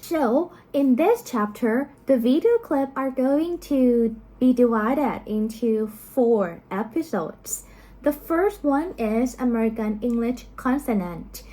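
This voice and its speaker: A woman teacher narrating a lesson, explaining carefully and slowly, with frequent ums and uhs. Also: on the high side, mellow, rough recording.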